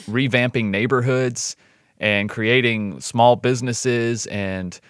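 A man's voice: mid-range voice, steady tone, slow pace, fairly bright tone, no echo, studio quality. A man co-hosting a true crime podcast, chatty and easygoing, laughing often and tossing in "man" and "dude.". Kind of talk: casual chat.

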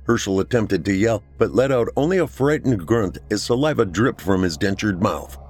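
A man narrating a horror story for a podcast in a measured, dramatic storytelling manner. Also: fairly low pitch, animated, a little mellow, husky, dry recording. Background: faint music.

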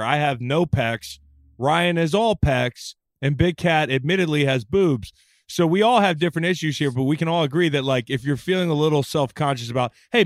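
Teasing man with a slightly high voice. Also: dry recording. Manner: joking, teasing banter. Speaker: podcast guest. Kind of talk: casual chat.

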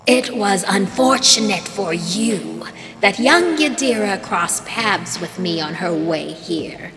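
Malicious ancient witch, slow and gloating, faint music behind, as a female narrator puts her on. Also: medium pitch, animated, big-room sound.

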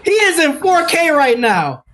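Male co-host, high and lively, teasing, heavy line noise. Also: unhurried. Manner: laughing, exclaiming, teasing. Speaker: podcast co-host. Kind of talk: casual group chat.

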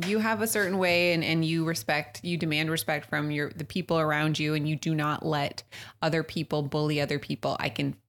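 A woman's voice: low-pitched, steady tone, brisk. A woman in her thirties co-hosting a podcast in casual chat, blunt and laughing often, swearing freely. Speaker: podcast co-host.

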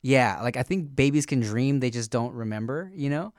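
A man's voice: medium pitch, expressive, normal speed, no room sound, studio quality. A man co-hosting a podcast in casual chat, laid-back and slangy with lots of fillers. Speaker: podcast co-host.

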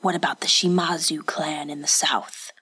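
A woman voicing a scheming male feudal lord in a hushed, muttered whispered role-play. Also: low voice, fairly even intonation, moderate pace, breathy edge, exaggerated voice.

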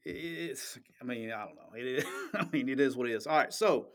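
A man's voice: medium pitch, a little fast, fairly bright tone. A man hosting a podcast, talking sports in a blunt, emphatic, profane way and often checking "okay?". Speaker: podcast host. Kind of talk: casual sports talk.

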